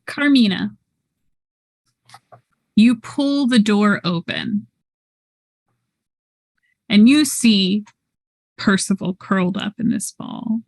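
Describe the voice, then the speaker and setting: A woman narrating a tabletop role-playing game as storyteller, in a measured, descriptive way. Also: mid-range voice, expressive, creaky.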